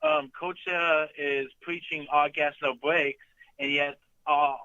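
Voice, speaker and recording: A man's voice: fairly high pitch, fairly even intonation, slow pace, creaky, pushed and bright, clean tone, dry recording, muffled recording. A man calling in to a talk show, chatting casually and hesitating with many ums. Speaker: caller. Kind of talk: casual chat on a call-in show.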